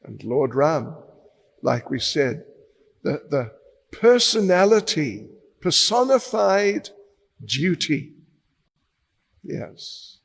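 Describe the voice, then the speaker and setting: A male monk tells a devotional story at a very slow, dramatic pace. His voice is husky and gravelly and sits a little high. A long reverb from the lecture hall trails behind him. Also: very animated. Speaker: monk and preacher.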